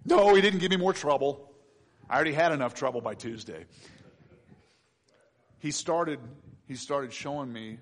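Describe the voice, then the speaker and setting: A middle-aged man preaching a sermon, swinging between loud emphatic bursts and quiet asides, acting out prayers and quoted voices. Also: a little high, normal speed, pauses often. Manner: acts out his own prayers and quoted voices.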